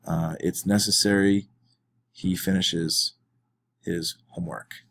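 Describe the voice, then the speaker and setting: Low-voiced man teaching a lesson. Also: steady tone, slow, creaky, a bit bright, slight background noise. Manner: explains step by step with fillers. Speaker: French teacher. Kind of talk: recorded classroom lesson.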